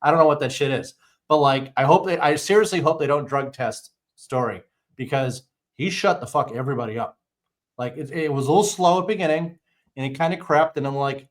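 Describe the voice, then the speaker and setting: A man's voice: on the high side, brisk. A man co-hosting a casual sports podcast, ranting and swearing as he tells his stories. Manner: profane, ranting, animated storytelling. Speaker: podcast co-host.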